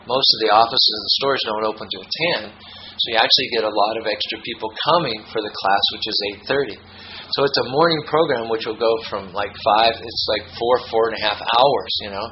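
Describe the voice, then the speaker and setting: A man giving a devotional talk as a spiritual teacher, explaining practice in a relaxed, rambling way and chanting examples. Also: fairly low pitch, brisk, dull audio, a little hiss or hum.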